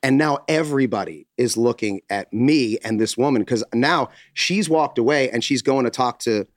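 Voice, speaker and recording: A man's voice: medium pitch, moderate pace, no room sound, studio quality. A middle-aged man, a podcast co-host, telling a story in casual chat, acting out quotes and swearing freely.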